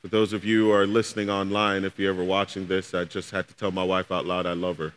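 Bright-voiced pastor man telling a story. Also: deep voice, flat delivery, fast talker, clean tone. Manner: storytelling, conversational, addresses the congregation directly. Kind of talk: sermon.

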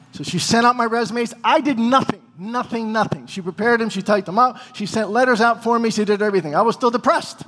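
A man's voice: high voice, fairly bright tone. A man telling a personal testimony to a congregation, acting out both sides of the conversations as he goes. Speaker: preacher giving testimony. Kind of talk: storytelling testimony. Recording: long hall reverb.

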